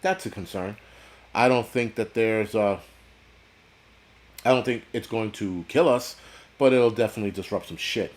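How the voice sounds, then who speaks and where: A man with a lowish voice rants on a casual livestream, blunt and rambling. He swears constantly and answers viewer chat as he goes. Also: normal speed, long pauses. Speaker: livestream host reading chat. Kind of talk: casual profane livestream rant.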